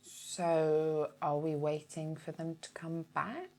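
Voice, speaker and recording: Gravelly low-voiced woman player. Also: little pitch movement, slow pace, a little mellow. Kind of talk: tabletop role-play chat.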